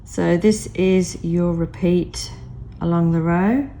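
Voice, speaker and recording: A woman with a croaky voice from a cold walks through a crochet tutorial at a very slow, patient pace. Her tone is low and mellow, and she counts each stitch aloud. A faint background hiss sits under her voice. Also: steady tone. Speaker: crochet teacher. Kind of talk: step-by-step craft tutorial.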